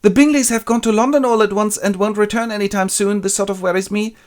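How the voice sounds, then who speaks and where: A gentle young woman, fretful and soft-hearted, as a man puts her on, in a high falsetto. The voice is raised but not shouted. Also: fairly even intonation, quick pace, close to an everyday voice. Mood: worried. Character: gentle, worried young woman, eldest sister.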